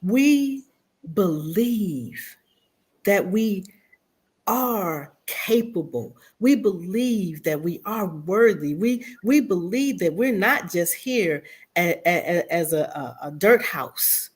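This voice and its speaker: A woman's voice: on the low side, expressive, takes it slowly, slightly rough. A woman guest speaker giving earnest, motivational answers on a radio talk show, often repeating words as she speaks.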